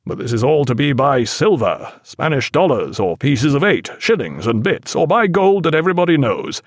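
Man doing a genial sea captain, hearty commanding speech to the crew, gravelly, dry close sound. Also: medium pitch, sing-song, unhurried, dry recording, full character voice.

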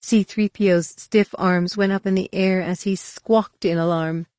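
A woman narrating a science-fiction audiobook in a measured, expressive reading on a close studio mic. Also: on the low side, no room sound. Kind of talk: scripted narration.

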